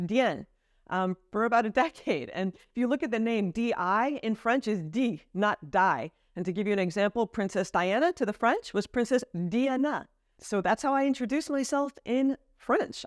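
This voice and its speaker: A woman's voice: on the high side, no echo, clean studio sound. An American woman in her thirties, chatting lightly and explaining things in a casual vlog to camera. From United States. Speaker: vlogger. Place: home in France.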